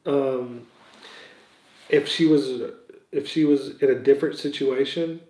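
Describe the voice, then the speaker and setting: A man's voice: mid-range voice, fairly even intonation, takes it slowly, warm tone. A man giving casual, opinionated commentary as a fan-news host, rambling and hesitant as he works through his points. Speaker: Star Wars news commentator. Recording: roomy echo.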